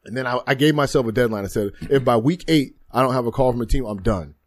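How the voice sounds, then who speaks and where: This former football player, a man in his thirties, talks fast in a mid-range voice. As a podcast studio guest, he shares stories about his life openly and thoughtfully, with frequent repeated phrases, in a candid interview setting.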